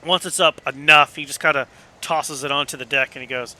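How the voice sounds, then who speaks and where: A man's voice: on the high side, steady tone, brisk, pushed and bright. A man narrating as game master for a tabletop game in a loose, casual way, with many fillers and some swearing.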